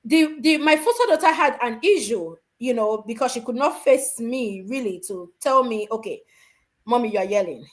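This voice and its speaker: A woman from Africa telling personal parenting stories, animated and laughing often. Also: on the high side, moderate pace, few pauses. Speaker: guest mother. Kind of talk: casual storytelling.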